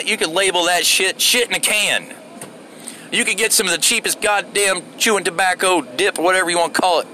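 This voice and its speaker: A man's voice: high voice, sharp tone, slight background noise. A man from Florida ranting casually while driving, rambling, profane and sarcastic. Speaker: vlogger. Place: inside a moving vehicle.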